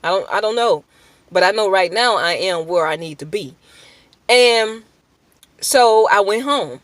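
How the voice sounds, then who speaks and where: A woman's voice: mid-range voice, lively intonation, unhurried, a bit bright, dry recording. Earnest woman giving a faith testimony. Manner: earnest, emotional, with prayerful asides. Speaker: testimony speaker.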